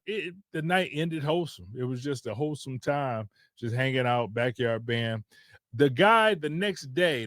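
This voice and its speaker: A man's voice: a little high, no room sound, clean studio sound. A man from Detroit, a podcast host, telling a casual rambling story with loose restarts.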